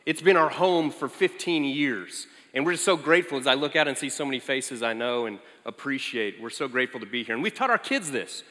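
A man in his forties preaching as a guest, telling lively family stories with animated quotes of his child. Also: medium pitch, fairly quick, hardly any pauses. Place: large church sanctuary. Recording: echoey large hall.

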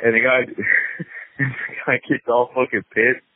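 A man's voice: medium pitch, steady tone, slow pace, no echo. A man telling a long, rambling story in casual podcast chat, swearing often and laughing as he goes. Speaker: podcast co-host. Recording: dry, phone-like narrow sound.

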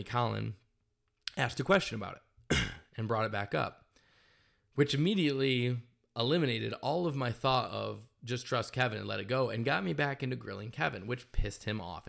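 A man's voice: medium pitch, creaky, a bit bright. A man, a company CEO, speaking in a candid vlog monologue, blunt and emotional and swearing often.

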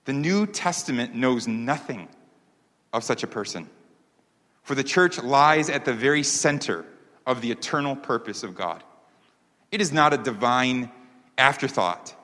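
A man's voice: mid-range voice, animated, measured pace, long pauses, sharp tone. A man preaching a sermon as pastor, earnest and emphatic, repeating key phrases for weight. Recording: long hall reverb.

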